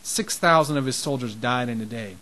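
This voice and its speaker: Man, mid-pitched, preaching a loose, heartfelt sermon with emphatic rises. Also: brisk, pushed and bright, low-quality recording. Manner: conversational and impassioned, with restarts and rising emphasis. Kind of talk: informal sermon.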